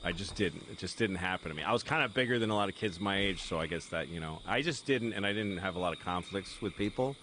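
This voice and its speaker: Low-voiced man rambling through a story. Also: fast talker, hardly any pauses. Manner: rambling storyteller who laughs at his own stories. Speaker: podcast guest. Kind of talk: casual chat, telling anecdotes. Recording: podcast audio under loud background noise.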